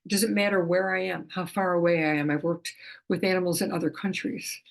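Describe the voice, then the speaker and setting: A middle-aged woman who works as an animal communicator explains what she does in a casual talk to camera. Her fairly low, creaky voice keeps a steady tone and a fairly quick pace, and she's chatty, with frequent restarts and soft laughs.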